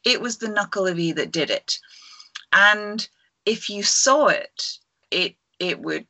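A woman's voice: mid-range voice, animated, slow pace, pushed and bright, no echo. A woman co-hosting a casual podcast over a video call, rambling enthusiastically through a creature legend with many fillers. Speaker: podcast co-host. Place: at home.

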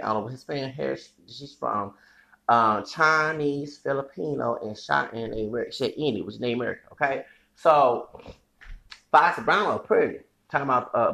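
A man's voice: medium pitch, vocal fry, bright, forceful tone. A man hosting a solo podcast, delivering a heated, profane, rambling rant with bursts of laughter. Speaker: podcast host.

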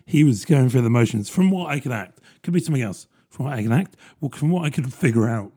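Guy in his 30s rambling on a solo podcast, husky voice, lots of ums and rights. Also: mid-range voice, expressive, fast talker, dark tone. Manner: rambling, self-deprecating, lots of fillers. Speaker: podcast host. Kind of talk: casual solo podcast monologue.

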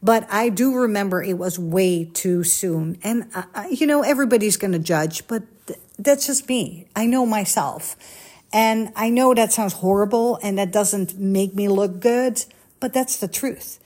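A woman talks to the camera in a loose, confessional way and keeps jumping from one personal story to the next. She speaks at a mid pitch, sounds candid and chatty, and acts out the people she quotes as she goes. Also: unhurried, a little mellow. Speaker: social media coach. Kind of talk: confessional casual chat.

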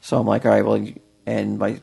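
A man's voice: on the low side, monotone, fairly quick, vocal fry, mellow, slightly rough. A man telling a long story in casual chat, with many fillers and restarts. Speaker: podcast co-host telling a story.

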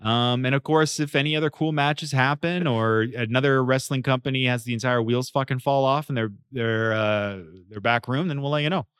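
A man's voice: medium pitch, fairly even intonation, normal speed, few pauses, fairly bright tone, clear, resonant tone, no echo, clean studio sound. A man co-hosting a podcast in casual chat, rambling and swearing often. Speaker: podcast co-host.

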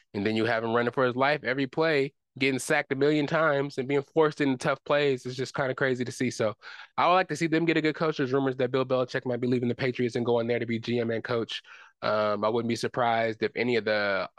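A man's voice: medium pitch, fairly bright tone, dry recording. A man hosting a podcast, ranting in a casual, rambling way, cursing and circling back on himself. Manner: frustrated, rambling rant with cursing. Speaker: podcast host. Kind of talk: casual sports talk.

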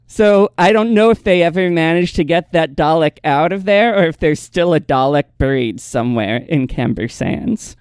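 Male podcast host, clear and crisp, relaxed storyteller, dead-dry booth sound. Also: on the high side, moderate pace, hardly any pauses, no room sound. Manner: relaxed storyteller, laughs easily. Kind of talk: casual chat recapping episodes.

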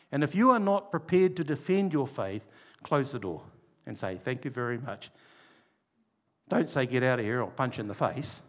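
Emphatic high-voiced male preacher. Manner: emphatic, slows down to stress key words, drops low and quiet for asides. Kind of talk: sermon.

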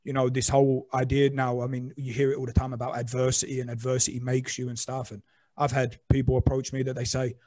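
A man's voice: medium pitch, completely flat delivery, quick pace, a little mellow, dry recording, studio quality. Reflective man musing on a podcast. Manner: reflective, swears casually, hedges with fillers. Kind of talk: casual podcast conversation.

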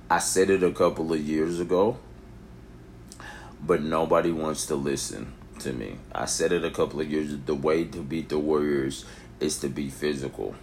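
A young man with a very deep voice rants casually to camera, rambling from topic to topic. He swings from near-shouted peaks down to low mutters. A faint hiss of noise sits under the recording. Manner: rambling, animated, rising to near shouts then dropping low. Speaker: vlogger. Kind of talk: casual opinion monologue.

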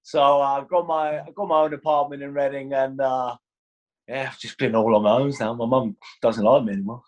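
This young Icelandic goalkeeper speaks English with a touch of a London accent, his medium-pitched voice fairly even and brisk, on a lo-fi recording. In a casual interview, he chats, laughs, and acts out quotes.

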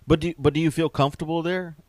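A man's voice: on the high side, little pitch movement, fast talker, a little mellow, dry recording. A middle-aged man hosting a podcast interview, easygoing and hesitant with many ums. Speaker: podcast host. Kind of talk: casual interview.

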